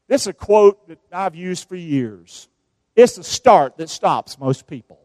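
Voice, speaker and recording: A pastor with a high-pitched voice preaches with feeling, calling on his congregation to answer back. The sound is dry and close, with no room echo. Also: darkish tone. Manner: emotional call-and-response preaching. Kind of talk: sermon. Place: church sanctuary.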